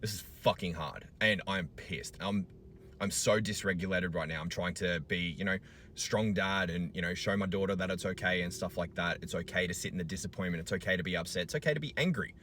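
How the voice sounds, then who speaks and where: A man's voice: deep voice, little pitch movement, a little fast, sharp tone, slight background noise. A man in his thirties with an Australian accent, a single father venting angrily in a vlog and swearing often. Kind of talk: emotional vlog rant.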